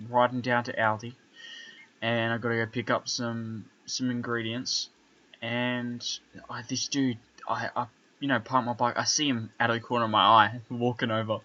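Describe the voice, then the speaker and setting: A young man telling a story in casual podcast chat, animated and full of swearing, asking "right?" as he goes. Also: mid-range voice, lo-fi sound. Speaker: podcast co-host.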